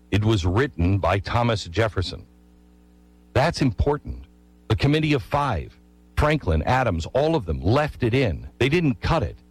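Lively, emphatic man telling history. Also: medium pitch, breathy edge, dry recording, poor audio. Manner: emphatic, rhetorical questions to the listener. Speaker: history speaker. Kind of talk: storytelling history talk.

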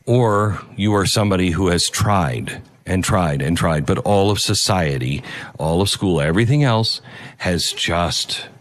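A man's voice: sits low, lively intonation. Earnest middle-aged man giving commentary. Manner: earnest, emphatic, pauses to stress key words. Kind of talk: opinion commentary monologue.

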